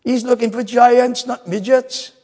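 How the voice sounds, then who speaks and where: A man preaching a sermon with emphasis, swinging between loud declarations and quiet asides. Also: very high-pitched, steady tone, unhurried. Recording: long reverb of a large hall.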